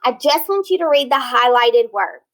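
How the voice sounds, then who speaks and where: A woman teaching an online phonics lesson, sounding out words slowly and checking in with her students. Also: sits high, animated. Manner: slow, deliberate modeling of word sounds; encouraging, checks with "right?" and "okay?".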